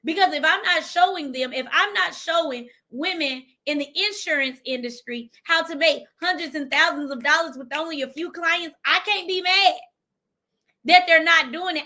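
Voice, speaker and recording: A woman's voice: high-pitched, sharp tone. A woman from Memphis with a Southern accent, giving an emphatic motivational livestream talk as a business coach, repeating lines for effect. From Memphis, Tennessee, US.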